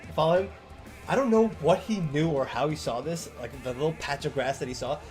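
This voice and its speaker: A man's voice: fairly high pitch, a little fast, darkish tone, faint music behind. Rambling, swearing young man telling a story. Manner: rambling, swears a lot, acts out quotes. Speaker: streamer. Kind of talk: casual storytelling.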